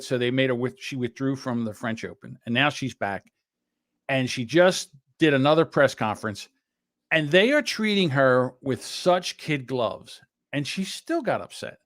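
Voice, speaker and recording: A man's voice: medium pitch, expressive, normal speed, a bit bright. A man hosting a podcast, giving blunt, rambling commentary in casual chat. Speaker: podcast host.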